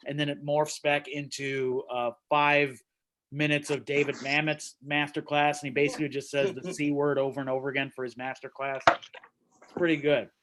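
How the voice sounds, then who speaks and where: A man's voice: on the high side, level tone, moderate pace, background noise. A man hosting an open mic over a video call, riffing and rambling through stand-up bits in a self-deprecating way from a small room at home. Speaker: open mic host and comedian.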